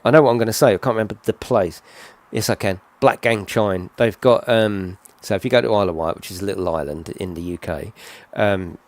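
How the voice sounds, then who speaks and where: A man's voice: fairly low pitch, a little fast, few pauses. A middle-aged man giving casual, rambling game commentary full of tag questions. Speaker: gaming channel host.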